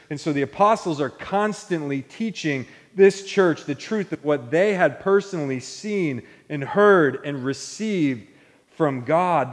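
High-voiced preacher in an echoing church. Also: male voice. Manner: earnest, building to fervent proclamation. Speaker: pastor. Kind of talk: sermon. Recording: long hall reverb.

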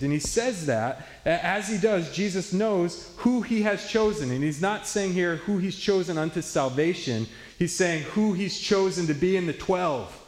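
A man preaching an expository sermon as pastor, explaining the text in an earnest way and leaning hard on key words, recorded in a church sanctuary. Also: high voice. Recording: echoey hall with long reverb.

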